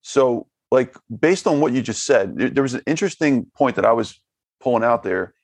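A man's voice: mid-range voice, animated, moderate pace, dry recording. A man hosting a podcast, rambling and repeating words as he sums up his guest's points. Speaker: podcast host. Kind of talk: podcast conversation.

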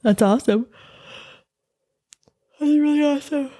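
A middle-aged woman hosting a podcast and talking with her son in a warm, encouraging way. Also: high-pitched, measured pace, no echo, studio quality. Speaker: podcast host, mother. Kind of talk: casual chat.

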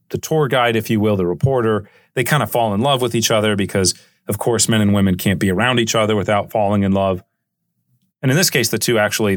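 A man hosting a history podcast, lecturing in a loose, conversational way and often pausing with "uh" and "right?". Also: on the low side, no echo, studio quality. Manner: chatty and digressive, with frequent "uh" and "right?".

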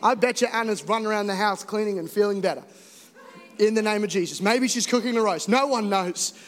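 A young man preaching an animated, joking sermon to a Sunday congregation. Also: high voice, a little fast. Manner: animated, joking, rising to emphatic exhortation. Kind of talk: energetic sermon. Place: church hall. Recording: echoey hall reverb.

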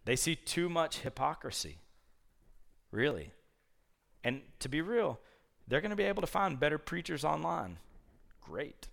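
A man's voice: medium pitch, a bit bright. A male preacher giving a conversational sermon, retelling scripture as a story with folksy asides.

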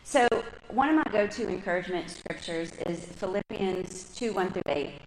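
A woman speaking at a women's church gathering, telling personal stories with a lively, chatty manner before a live audience. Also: medium pitch, normal speed. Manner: lively, chatty storytelling, talks with her hands. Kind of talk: personal testimony and scripture teaching. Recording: echoey room with faint background noise.

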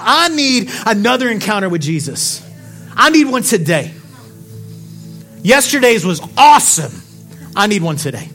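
A male pastor preaching a sermon to his congregation, passionate and full of questions, dropping quiet and then building up to shouts. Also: high voice, very animated, measured pace, faint music behind. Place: church sanctuary.

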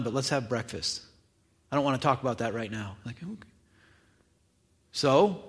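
A man's voice: a little high, fairly bright tone. A man preaching a sermon, retelling a scripture reading in a casual, conversational way with acted asides. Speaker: pastor.

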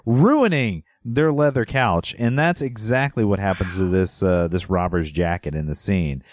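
A man's voice: mid-range voice, normal speed, no echo, clean studio sound. A man co-hosting a podcast, rambling in a laid-back way and teasing his co-host playfully. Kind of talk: casual chat.

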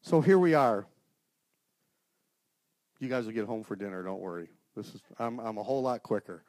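A middle-aged man giving an informal, earnest sermon to a men's group, swinging from loud outbursts to hushed prayer. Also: lowish voice, animated, normal speed, no room sound, clean studio sound. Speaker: lay speaker at a men's gathering.

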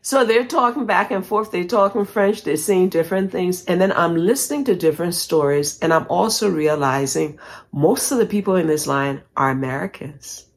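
Woman storyteller, low voice, measured pace, plays every part of the dialogue herself. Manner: dramatic, acts out dialogue, rising pitch as tension grows. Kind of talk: personal story told to an audience.

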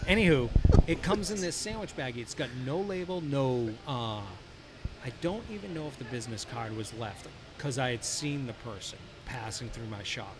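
A man hosting a casual podcast, telling animated stories and swearing freely. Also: mid-range voice, moderate pace, noisy background. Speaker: podcast host, golf course superintendent. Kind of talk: casual chat. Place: brewery.

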